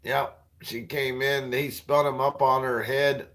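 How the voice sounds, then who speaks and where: A man's voice: medium pitch, flat delivery, measured pace, a bit bright. A man in his forties hosting a livestream, rambling through crude jokes and chatting with viewers, often laughing at his own punchlines. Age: 40s. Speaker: livestream host. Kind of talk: crude stand-up style banter with viewers.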